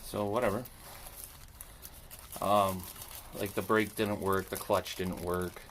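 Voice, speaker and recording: This low-pitched man speaks slowly in a level tone with a slightly bright quality. He owns a landscaping business and is chatting casually to himself, rambling and self-deprecating, as he repairs a machine, with slight background noise.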